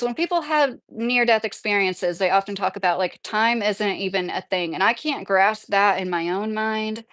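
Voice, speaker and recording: Chatting live with her viewers and reading their messages, a woman rambles along, leaning heavily on the filler "like." Her voice is mid-range and a bit bright, with no echo.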